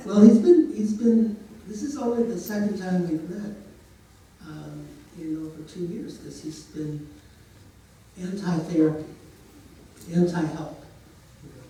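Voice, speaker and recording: A man's voice: high voice, a little slow, long pauses, dark tone, very echoey, distant mic, a little hiss or hum, low-quality recording. A man telling a story in a casual way, now and then putting on voices for the characters. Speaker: storyteller and therapist.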